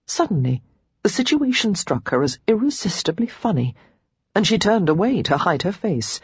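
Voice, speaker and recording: A woman reading a romance novel aloud as an audiobook narrator, giving each character a pitch and tone of their own. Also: very animated, moderate pace, husky, no room sound.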